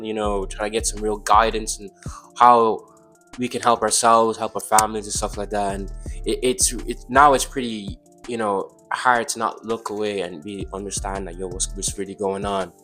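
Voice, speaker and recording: Young guy guesting on a podcast, lowish voice, keeps stumbling over words, faint music behind. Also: fairly even intonation, normal speed, fairly bright tone. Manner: hesitant, stumbles and repeats words. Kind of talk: casual podcast chat.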